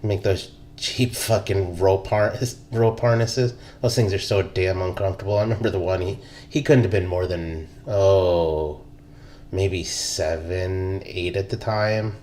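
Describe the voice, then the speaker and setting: Deep-voiced laid-back veteran storyteller. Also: male voice, fairly even intonation, unhurried, darkish tone, slight background noise. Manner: laid-back, profane, laughs through stories. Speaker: podcast co-host, army veteran. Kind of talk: casual chat, storytelling.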